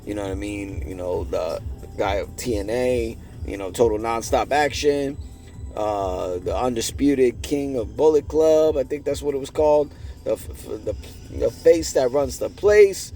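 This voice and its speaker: A man hosting a podcast, reviewing wrestling results in an excited, swearing, chatty way. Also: medium pitch, measured pace, faint music behind. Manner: excited, profane, talks to listeners directly. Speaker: podcast host.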